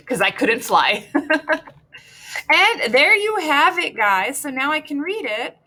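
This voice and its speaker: Slow, bright-voiced woman teacher. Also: sits high, very animated. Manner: thinking aloud while composing, playful and encouraging. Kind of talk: recorded online lesson for students.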